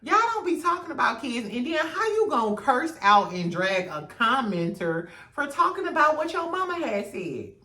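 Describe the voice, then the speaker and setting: A woman hosts a gossip show, sassy, profane, quick to laugh. Her pitch swings widely as she tells the story. She sits back from the mic in a roomy, echoing space. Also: big pitch swings, bright, forceful tone, far from the mic. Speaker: host. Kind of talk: casual reality TV gossip commentary.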